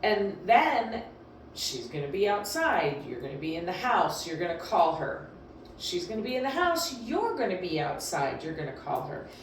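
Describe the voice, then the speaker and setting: A woman's voice: fairly low pitch, very animated, normal speed, slight background noise. Echoey, distant woman dog trainer. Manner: emphatic, repetitive, chatty. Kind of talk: casual instructional talk. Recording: very echoey room, distant mic.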